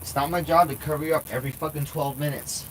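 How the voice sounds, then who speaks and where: A man's voice: a little high, fairly even intonation, fast talker, fairly bright tone, slight background noise, rough recording. A man live-streaming from inside an RV, rambling in casual chat, swearing a lot and repeating himself.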